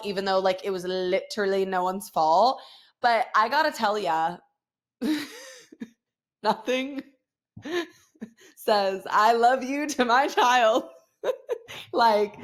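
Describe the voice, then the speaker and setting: A woman hosting her own podcast, telling a story in a profane, dramatic, casual way full of fillers. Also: on the low side. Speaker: podcast host. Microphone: podcast microphone.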